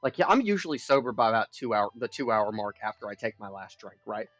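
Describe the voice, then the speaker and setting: A man's voice: on the low side, lively intonation, fast, fairly bright tone, no echo, faint music behind. A young man live streaming, telling a long personal story in a rambling, profane, frank way. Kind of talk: casual storytelling chat. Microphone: streaming mic. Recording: dull lo-fi stream audio.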